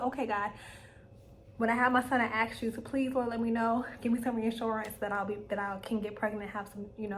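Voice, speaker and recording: A young woman tells a personal story to her vlog audience in a chatty, animated way. Her voice sits a little high, and she slips into lively quoted lines as she talks. A faint hiss of background noise runs under the recording. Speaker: vlogger. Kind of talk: casual storytelling to camera.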